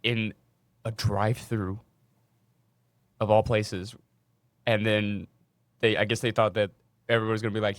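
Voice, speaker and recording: A young man co-hosting a podcast, telling work stories in a casual, animated way and swearing freely. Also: fairly low pitch, a little slow, long pauses, no room sound. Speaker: podcast co-host. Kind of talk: casual storytelling chat.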